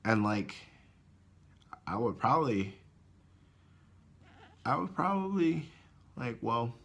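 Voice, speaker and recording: A man telling a story in a casual vlog, swearing often and talking in an animated way. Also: mid-range voice, slow pace, creaky. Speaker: vlogger.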